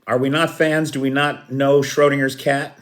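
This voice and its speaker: A man's voice: medium pitch, little pitch movement, normal speed. A man hosting a casual live stream, greeting viewers by name and chuckling at his own jokes. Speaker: livestream host. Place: Kyiv.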